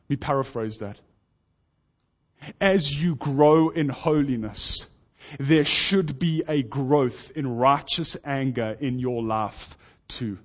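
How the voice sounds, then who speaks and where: A man's voice: mid-range voice, takes it slowly. A man preaching a sermon to his congregation, earnest and urging, pressing his points with rising intensity. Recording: dull lo-fi sound.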